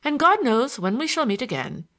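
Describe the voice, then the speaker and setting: A woman's voice: high voice, very animated, moderate pace, fairly bright tone, pitched above the performer's own voice. A woman voicing a boisterous Irish man who teases and declaims with mock grandeur. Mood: wistful. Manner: mocking, declamatory.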